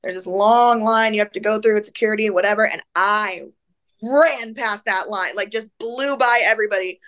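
A woman speaking as an interview guest, telling an emotional personal story in casual, animated speech full of "like"s and acted-out voices. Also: medium pitch, normal speed. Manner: animated, acts out the voices of people in her story; casual, filler-heavy speech with many "like"s.

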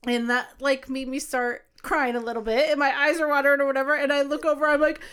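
A woman co-hosting a podcast, telling a rambling story in an animated, casual way. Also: sits high, quick pace. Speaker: podcast co-host. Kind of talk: casual chat.

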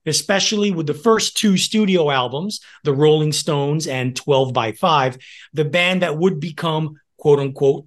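A man co-hosting a music history podcast, reading prepared notes with casual asides and the odd laugh. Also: fairly high pitch. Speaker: podcast co-host.

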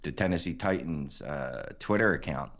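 A man from the Philly area talks in loose, teasing rambles full of ums. His voice sits very low. The recording sounds dull and lo-fi. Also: expressive, moderate pace, a bit bright. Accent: Philadelphia. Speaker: podcast co-host. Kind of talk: casual podcast chat.

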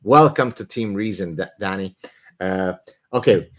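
A man hosting a live question-and-answer stream, talking in an animated, opinionated way with joking asides. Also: low-pitched, measured pace. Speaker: host answering viewer questions.

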